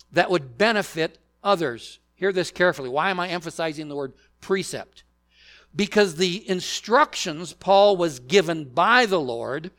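A male pastor delivering a sermon at an unhurried, measured pace. His voice sits a little higher than most men's, and he leans on key words and poses questions for the congregation to answer. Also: a bit bright. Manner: deliberate preaching, rhetorical questions to the congregation.

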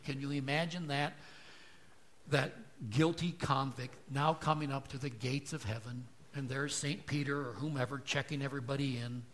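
A man preaching a sermon to a congregation, asking rhetorical questions and moving between hushed, soft passages and loud, emphatic lines. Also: mid-range voice, a little hiss or hum. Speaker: pastor. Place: church.

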